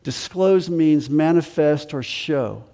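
A man preaches a sermon, his voice fairly high but warm and mellow. He repeats key phrases and presses rhetorical questions on the congregation. His words ring out with the long reverb of a large hall. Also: takes it slowly. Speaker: pastor.

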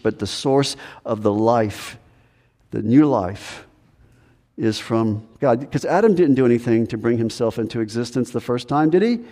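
A man preaching a sermon as pastor, earnest and full of rhetorical questions, his voice rising high when he plays a reluctant believer. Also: mellow. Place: church sanctuary. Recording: long hall reverb.

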